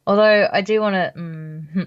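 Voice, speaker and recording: A woman playing in a tabletop game, talking in a hesitant, relaxed way with many fillers. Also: mid-range voice, normal speed, clear, resonant tone, lo-fi sound. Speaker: player. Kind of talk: casual tabletop game play.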